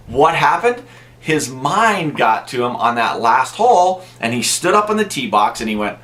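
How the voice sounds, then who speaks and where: A man's voice: medium pitch, sing-song, normal speed, fairly bright tone. Chatty man telling golf stories to camera. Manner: chatty storytelling, frequent restarts. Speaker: golf instructor vlogger. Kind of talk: casual direct-to-camera talk.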